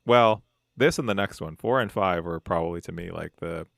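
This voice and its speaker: A man talks over a crime series with his co-host, thoughtful and rambling, leaning on "like" and "right?". His voice is deep, with gravelly vocal fry and a dry, close sound. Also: moderate pace, dry recording. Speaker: podcast co-host. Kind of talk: casual recap chat.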